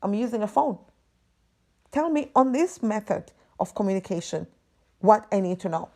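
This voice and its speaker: Exasperated woman ranting, mellow voice. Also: mid-range voice, animated, moderate pace. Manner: exasperated, profane, emphatic. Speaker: podcast host. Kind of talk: ranting monologue.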